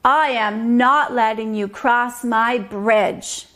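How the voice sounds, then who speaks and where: A woman voicing a grumpy male troll in a read-aloud story, loud and gruff. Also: on the high side, slow. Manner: roaring, gruff.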